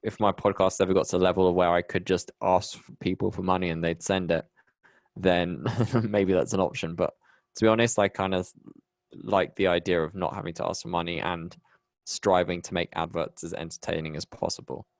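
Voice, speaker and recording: Young Bristol-accented man, low-pitched, rambling podcast guest in casual chat, dry sound. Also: little pitch movement, fairly quick, creaky, no room sound. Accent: English, Bristol. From England. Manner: chatty, rambling, many restarts. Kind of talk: casual conversation.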